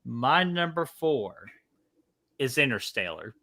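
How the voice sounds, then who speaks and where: A man co-hosting a casual movie podcast, excitable and joking, swearing freely. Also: mid-range voice, slow. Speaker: podcast co-host. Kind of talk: casual chat.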